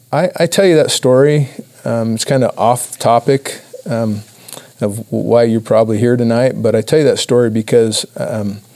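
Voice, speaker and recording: A man giving a personal testimony talk to a church audience, earnest and halting with many restarts. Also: lowish voice, vocal fry, dark tone. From Idaho, USA. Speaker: church speaker.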